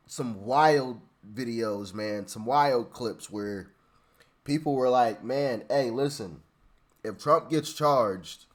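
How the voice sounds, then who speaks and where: A man's voice: mid-range voice, fairly bright tone. A man hosting a casual reaction commentary, rambling, stammering, repeating words and laughing often. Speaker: channel host reacting to clips.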